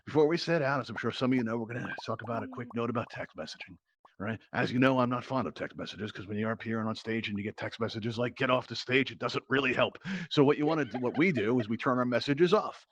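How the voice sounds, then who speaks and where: A man's voice: mid-range voice, fast, dry recording, highs cut off. A man hosting a live game show in virtual reality, an upbeat showman hyping up the crowd through a headset mic. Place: virtual reality social app.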